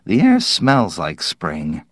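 Gruff, short-tempered astronaut, storybook audiobook, male narrator doing him. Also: low-pitched, huge pitch swings, slow pace, a bit bright, no room sound, studio quality, heavily acted. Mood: grumbling. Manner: gruff, curt.

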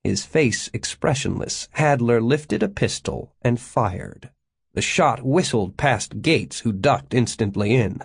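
A man narrating an audiobook in a steady storytelling manner. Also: medium pitch, takes it slowly, creaky, husky. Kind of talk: scripted narration.

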